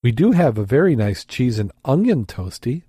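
A man's voice: mid-range voice, big pitch swings, moderate pace, mellow, slightly rough, no echo, clean studio sound. A man voicing a matey, wheedling male pub barman in a told joke. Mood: apologetic.

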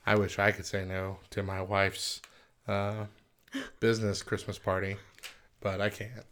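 A man's voice: on the low side, flat delivery, unhurried, fairly bright tone, clean tone. A man co-hosting a casual podcast chat, laughing often and reading passages aloud. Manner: chatty, laughs often, reads quotes aloud. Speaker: podcast co-host.

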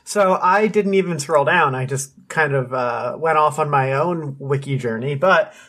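A man in casual podcast chat about game lore, with a voice pitched a bit higher than most men's. He talks in a laid-back, easygoing way and teases his co-host. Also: unhurried, pushed and bright.

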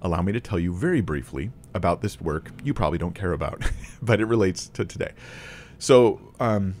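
A man's voice: low voice, expressive, fairly quick, a little mellow, slight background noise. A man teaching a Bible lesson to camera in a casual, conversational way, thinking aloud with restarts and small laughs.

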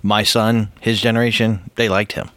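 A middle-aged man chatting casually as co-host of a movie commentary, quick and laughing, rambling through his points. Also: lowish voice, level tone, fairly bright tone, no room sound.

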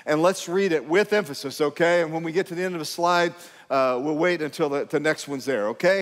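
A man's voice: fairly high pitch, moderate pace, big-room sound. A male pastor, preaching in a conversational, emphatic way to his congregation. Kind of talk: sermon. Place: church sanctuary.

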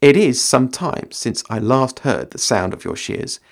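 A man reading aloud and voicing a stern, gruff old male wizard. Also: mid-range voice, lively intonation, unhurried.

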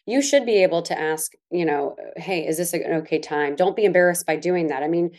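A woman's voice: lowish voice, brisk. A middle-aged woman co-hosting a casual chat, telling stories with lots of laughter and playful mimicry. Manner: animated storytelling, laughs often, mimics others. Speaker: co-host.

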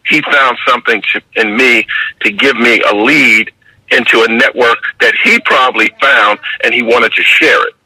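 An older man with a New York accent tells stories in a slow, measured interview manner. His voice is bright and husky, and it sounds dry and tinny, like it is coming over a phone line. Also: medium pitch, fairly even intonation, no echo. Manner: measured, repeats "you understand?". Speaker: guest, basketball referee mentor. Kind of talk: reflective interview storytelling.

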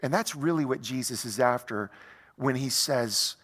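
A male pastor delivers a sermon in an animated, conversational style packed with rhetorical questions. His voice is medium-pitched with a breathy edge, moving at a normal speed, and it carries through a large hall.

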